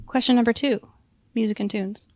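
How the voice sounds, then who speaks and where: A woman co-hosts a podcast trivia game with upbeat, laughing banter. Her voice sits a little high and sounds dry and close to the mic. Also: steady tone, moderate pace, darkish tone, no room sound. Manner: upbeat, laughing, explains rules. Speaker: podcast co-host running the quiz. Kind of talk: casual game-show banter.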